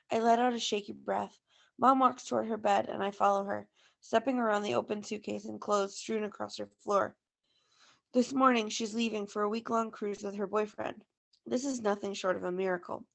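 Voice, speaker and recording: A woman teacher reading a first-person novel aloud to a class in a steady storytelling way. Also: mid-range voice, normal speed, vocal fry.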